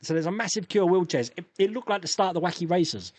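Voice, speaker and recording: Lively chatty man in his fifties. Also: high voice, quick pace, no room sound. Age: 50s. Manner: chatty, animated, laughs often. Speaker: live stream host. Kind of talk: casual live chat reading viewer comments.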